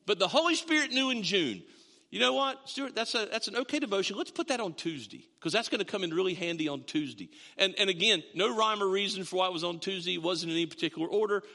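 A man's voice: high-pitched, fast talker, vocal fry, hardly any pauses, sharp tone. A man in his fifties, a pastor preaching a sermon in a storytelling way, with self-mocking asides. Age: 50s. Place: church sanctuary. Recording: long reverb of a hall.

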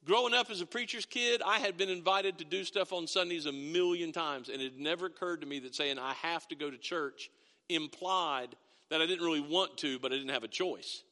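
A middle-aged man preaching a sermon, his voice pitched high and ringing bright. He talks in a folksy, storytelling way, often stopping to restart a phrase. His words trail into a long reverberation around the church. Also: a little fast. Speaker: pastor. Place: church sanctuary.

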